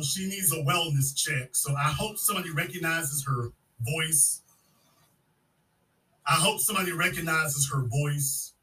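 A man with a high-pitched, sharp voice hosts a call-in show, mocking and insulting a female caller and talking over her in combative exchanges. He sounds distant from the mic.

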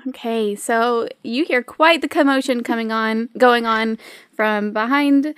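A woman's voice: on the high side, unhurried, clear, resonant tone, no echo, clean studio sound. A woman narrating a tabletop game as game master, chatty and often laughing.

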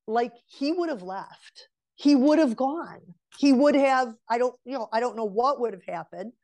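With a somewhat high, slightly mellow voice, a woman in her forties speaks at a normal pace and sounds animated. As a guest on an interview and a relationship mentor, she tells a personal story conversationally and earnestly advises the women listening.

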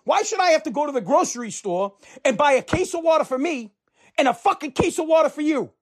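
A man's voice: very high-pitched, expressive, fast. A man delivering a heated, profane political rant, fired up and repeating himself.

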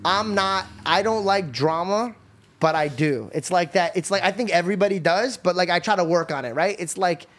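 A young man hosting a podcast, telling a story in a casual, animated way, acting out the voices of the people in it and swearing casually. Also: high voice, normal speed, slight background noise. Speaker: podcast host.

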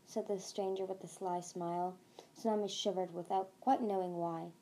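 Mellow-voiced woman reading a novel aloud. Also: medium pitch, normal speed, low-quality recording. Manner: steady reading with small slips and restarts. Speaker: podcast reader.

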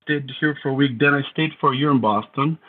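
A man's voice: medium pitch, quick pace, slightly rough, narrow, tinny audio. A Bulgarian man in his thirties with a Bulgarian accent, a podcast guest telling his story in a wry, self-deprecating way. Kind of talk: casual storytelling interview.

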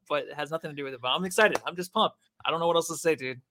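Jittery young man, shaky with excitement. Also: fairly high pitch, rapid-fire, few pauses, no echo, clean studio sound. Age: young adult. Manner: giddy, jittery, says "like" and "dude" a lot. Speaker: podcast co-host. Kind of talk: casual sports podcast chat.

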